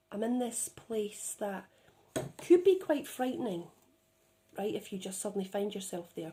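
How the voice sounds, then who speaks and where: A woman's voice: medium pitch, mellow. A woman telling a spiritual experience in a casual, chatty way, often checking in with "right?", recorded on a phone. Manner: chatty, with frequent "right?" tag questions. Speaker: spiritual channeler.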